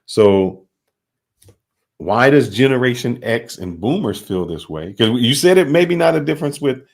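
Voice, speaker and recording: A man hosting a podcast interview, asking long, halting, rambling questions. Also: medium pitch, lively intonation, creaky. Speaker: podcast host.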